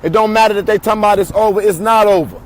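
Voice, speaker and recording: Guy with a pretty high voice chanting and rallying at a protest outside, phone livestream, a little street noise. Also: rapid-fire, low-quality recording.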